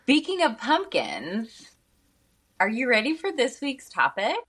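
A woman's voice: a little high, huge pitch swings, measured pace, a bit bright, breathy edge. A woman in her thirties co-hosting a podcast in casual, chatty talk full of fillers. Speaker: podcast co-host. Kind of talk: casual chat.

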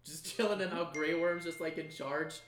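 A man co-hosting a casual podcast chat, animated and profane, often jumping into mocking impressions. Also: a little high, normal speed, crowd noise. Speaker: podcast co-host. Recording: echoey room.

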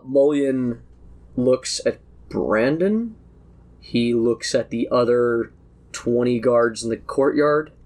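Quick-talking man running a tabletop game. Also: medium pitch, darkish tone. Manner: quick, restarting, laughs often. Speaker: game master.

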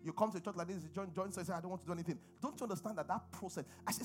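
Nigerian pastor man preaching, pretty high voice, gets the crowd to answer back, soft music under it. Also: racing, hardly any pauses. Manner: preaching, call-and-response with congregation. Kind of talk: sermon.

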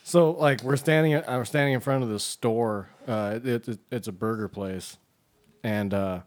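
A man's voice: medium pitch, moderate pace. A man telling a casual story to a friend, laid-back, with frequent fillers and laughs.

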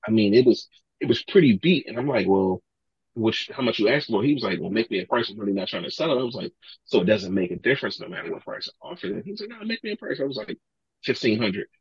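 A man, a podcast guest, telling animated stories in casual talk, acting out other people's lines and swearing freely. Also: fairly low pitch, fast talker, husky, no room sound, lo-fi sound. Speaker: podcast guest, sneaker collector. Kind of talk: casual storytelling.

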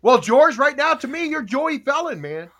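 A man's voice: extremely high pitch, big pitch swings, normal speed, bright, forceful tone. A man hosting a casual podcast, telling jokey stories and laughing at his own bits. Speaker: podcast host. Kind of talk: casual chat.

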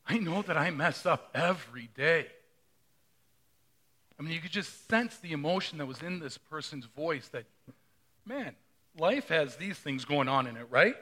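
A man's voice: fairly high pitch, expressive, a little slow, pauses often, sharp tone. A middle-aged male pastor preaching a sermon in a conversational way, often asking the congregation questions.

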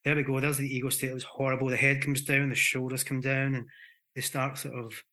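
A man with a Scottish accent, a hypnotherapist guest explaining his ideas in an animated, conversational way. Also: medium pitch, brisk. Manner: animated, explains with acted examples and restarts.

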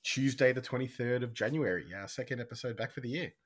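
A man co-hosting a music podcast in casual chat, talking fast with a slight lisp. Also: mid-range voice, slightly rough. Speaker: podcast co-host.

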